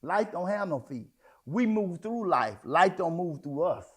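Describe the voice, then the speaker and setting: A man preaching a sermon in a folksy, conversational way, swinging between hushed asides and loud outbursts. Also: high voice, animated, unhurried. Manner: folksy, addresses congregation as y'all, child, honey. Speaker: apostle preaching.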